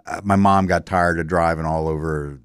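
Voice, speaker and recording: A man's voice: sits low, fairly even intonation, normal speed, a bit bright, clear, resonant tone, dry recording, studio quality. An older man from Delaware, telling family stories in a casual interview, rambling with many fillers. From Delaware, USA. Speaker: interview guest.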